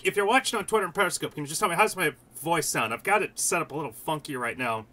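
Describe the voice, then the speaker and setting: A man's voice: a little high, animated, fast, few pauses, bright, forceful tone. A young man hosting a casual sports livestream, chatty and upbeat, often restarting his sentences mid-thought. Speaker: host and site editor.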